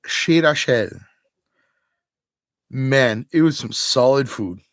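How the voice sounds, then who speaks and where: A man hosting a podcast, retelling a weekend story in an easy, animated way and breaking into laughter along the way. His voice sits in a middle register. The sound is dry, with no room echo. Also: medium pitch, takes it slowly. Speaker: podcast host. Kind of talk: casual chat.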